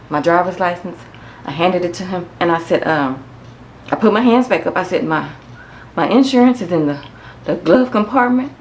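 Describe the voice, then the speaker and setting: A woman telling a frightening personal story to her viewers, halting and repeating herself, close to tears. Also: low voice, slight background noise. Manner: halting, repeats words, addresses viewers as y'all. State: tearful. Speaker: vlogger. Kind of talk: emotional personal story to camera.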